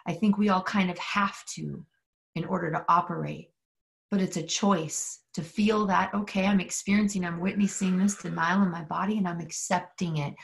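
Woman, spiritual workshop leader, gravelly, lowish, earnest, intimate, call-and-response. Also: steady tone, normal speed. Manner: earnest, intimate, swears freely, leads call-and-response prayer. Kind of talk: guided spiritual session. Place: home in the mountains.

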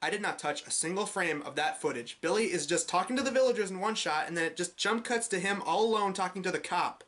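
Fast-talking sarcastic woman reviewer. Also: on the low side, animated, background noise. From New York, USA. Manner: snarky, mocking, growing exasperated. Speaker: film reviewer. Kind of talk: sarcastic movie review commentary.

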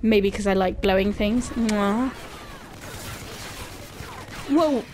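Young woman, gaming streamer, higher voice, crude jokes, giggly, faint noise underneath. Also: normal speed. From Britain. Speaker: gaming livestreamer. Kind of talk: casual chat answering viewer questions.

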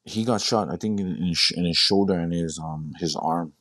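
A young man with a very deep voice recounts his story in a halting, repetitive way and keeps quoting himself. The sound is dry and close, with no room around it. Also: fairly bright tone, no echo. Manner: halting, repeats words, quotes himself. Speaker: guest sharing his story. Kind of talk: casual storytelling.

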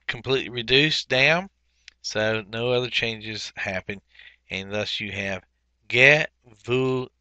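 A man teaching a Biblical Hebrew workbook lesson, explaining methodically step by step and pausing often with fillers. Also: medium pitch, sharp tone, clean tone, no room sound, dull audio. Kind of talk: recorded workbook walkthrough lesson.

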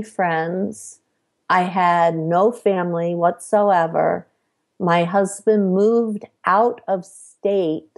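Slow-spoken middle-aged woman telling her story. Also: lowish voice, darkish tone. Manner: measured, acts out quoted dialogue. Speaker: podcast guest. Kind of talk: personal storytelling.

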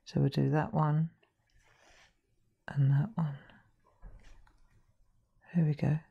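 Heard through phone-quality sound, a woman in her 60s speaks slowly in a low, gravelly, slightly rough voice with little pitch movement. She hosts a live craft show, rambling chattily while working and breaking off mid-sentence often.

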